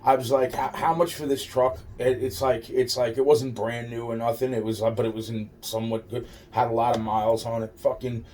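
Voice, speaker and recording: A man's voice: mid-range voice, flat delivery, a little fast, few pauses, a little mellow, slight background noise. A man telling a rambling personal story, swearing constantly and restarting his sentences. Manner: profane, rambling, full of restarts. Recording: voice distant from the mic.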